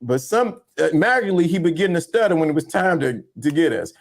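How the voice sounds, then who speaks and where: Animated storytelling man, lively pitch. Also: fast talker, hardly any pauses. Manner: animated storyteller acting out voices. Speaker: podcast co-host. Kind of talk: casual storytelling chat.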